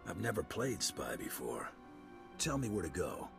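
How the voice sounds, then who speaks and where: An actor voicing a gruff male bounty hunter hero in a video game, blunt and dry. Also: sits low, big pitch swings, normal speed, music in the background, full character voice.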